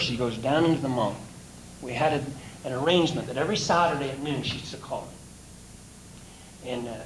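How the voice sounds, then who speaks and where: A man who works as a motivational speaker and coach, telling anecdotes in a folksy way and chuckling now and then. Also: mid-range voice. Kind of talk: anecdotal storytelling talk. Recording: roomy echo with faint hiss.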